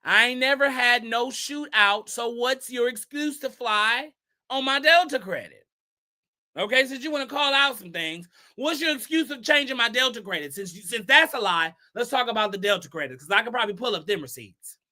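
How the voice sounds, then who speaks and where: At normal speed and with lively intonation, a bright, high-pitched man runs a laid-back gossip commentary, reading posts aloud and hitting back with sassy, emphatic rhetorical questions. He sounds sharp and pointed from start to finish.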